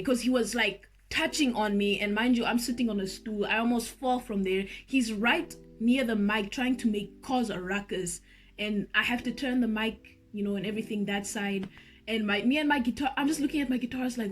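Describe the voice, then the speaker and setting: A woman telling a story to her viewers in a lively, animated vlog, speaking straight to the audience. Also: medium pitch. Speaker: vlogger and singer.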